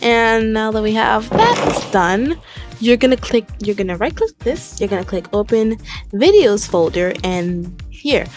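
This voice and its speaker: A woman's voice: on the high side, lively intonation, unhurried, soft background music. A young woman talking through a casual game tutorial, chatty and rambling, with a giggly streak. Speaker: Minecraft tutorial YouTuber. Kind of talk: casual screen-recorded tutorial.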